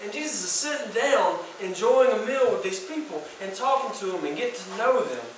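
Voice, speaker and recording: Animated slangy preacher, echoey room. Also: male voice, high voice, a little fast, distant mic, a little hiss or hum. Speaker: youth pastor. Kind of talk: sermon.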